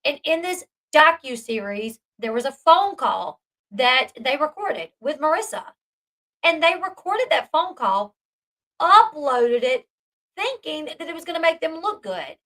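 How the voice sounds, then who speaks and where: Woman commentator, high bright voice, emphatic and indignant, casual chatty commentary. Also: very animated, a little slow, rough recording. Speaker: online commentator. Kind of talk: casual commentary, reacting to live chat.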